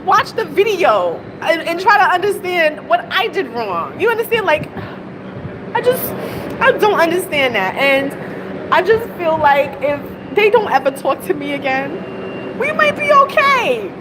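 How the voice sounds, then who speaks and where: A woman's voice: very high-pitched, big pitch swings, unhurried. A woman vlogging outdoors, upset and venting, with a dry cough and frequent rhetorical questions. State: dry cough, clearing throat. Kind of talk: venting vlog monologue. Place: outdoors on a city street, heading to a train. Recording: street noise behind.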